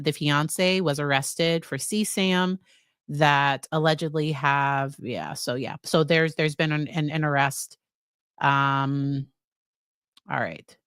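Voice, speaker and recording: A woman's voice: low voice, fairly bright tone, smooth, dry recording, clean studio sound. A woman psychologist hosting a casual live stream, chatting with her viewers about a trial. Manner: chatty, addresses her live chat directly.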